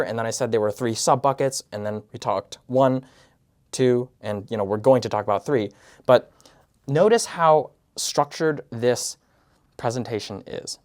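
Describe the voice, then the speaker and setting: A man with a mid-range voice gives casual advice straight to his viewers. He lays out his points step by step and demonstrates falling and rising tones as examples. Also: mid-range voice. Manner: structured and explanatory, demonstrates vocal tones. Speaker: YouTube creator giving career and communication advice. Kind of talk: casual direct-to-camera advice talk.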